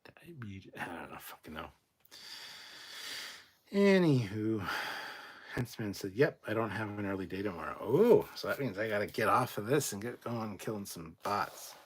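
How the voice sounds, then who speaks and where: A man hosting a casual livestream, reading viewer comments aloud and adding quick, swearing asides. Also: fairly low pitch, expressive, husky. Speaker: livestream host reading chat.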